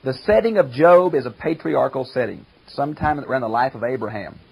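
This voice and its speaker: An older man and pastor teaching a Bible commentary lecture, emphatic, slowing down to stress quoted verses. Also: mid-range voice, gravelly, slightly rough, poor audio.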